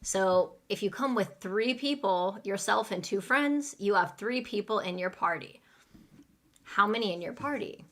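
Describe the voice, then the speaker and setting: A woman teaching English in a live online class, speaking slowly and clearly and acting out restaurant phrases for learners to repeat. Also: mid-range voice, a bit bright. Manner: slow, clear teaching delivery with role-play lines.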